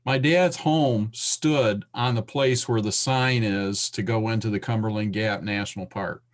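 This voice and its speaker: A man attending a session, speaking earnestly and hesitantly on a video call, with many pauses. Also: on the low side, steady tone. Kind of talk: casual chat.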